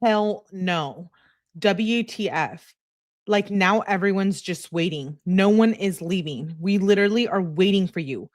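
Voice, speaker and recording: A woman's voice: mid-range voice, a little slow, no room sound, clean studio sound. A young woman on a live stream reading text messages aloud, often laughing and breaking off with incredulous asides to her viewers.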